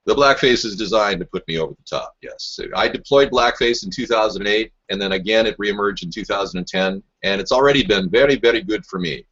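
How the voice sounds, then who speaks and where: A man's voice: lowish voice, fairly quick, hardly any pauses, fairly bright tone, breathy edge, dull audio. A man hosting a rambling political talk show, answering live chat in a combative, mocking and sarcastic way.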